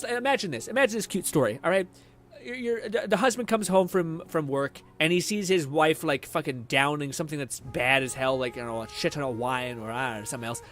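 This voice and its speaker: A Canadian man streaming a game, talking quickly and animatedly in casual, swear-laden commentary. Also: a little high. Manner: fast, animated, swearing, jumps into put-on voices.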